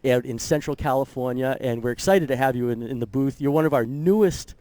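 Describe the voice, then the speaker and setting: A man's voice: medium pitch, brisk, warm tone, no room sound. An upbeat male host anchors a live poker championship broadcast. He sounds enthusiastic and keeps the conversation moving. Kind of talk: live tournament broadcast commentary.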